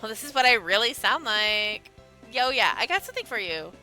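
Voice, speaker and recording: A woman's voice: fairly high pitch, big pitch swings, brisk, pushed and bright, faint music behind. A woman voicing a brash, cheeky young female mage with a breezy, cocky way of talking.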